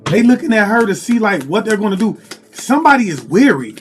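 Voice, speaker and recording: A man with a high-pitched voice gives a casual tarot reading, musing aloud and repeating himself as he calls on spirit. Soft music plays faintly behind him. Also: big pitch swings, fairly quick. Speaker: tarot reader.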